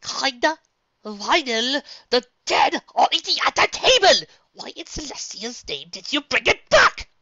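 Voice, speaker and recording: A woman's voice: wildly swooping pitch, normal speed, hardly any pauses, pushed and bright, slightly rough, no echo, lo-fi sound, heavily acted. A woman doing a jumpy, prim pony mare. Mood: panicky. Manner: jumpy, high-strung, fussy. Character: nervous prim female pony musician.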